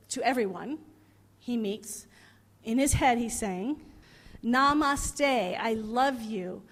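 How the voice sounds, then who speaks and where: A woman's voice: high-pitched, in a large hall. A woman minister giving a sermon in an earnest manner, often repeating phrases for emphasis. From United States.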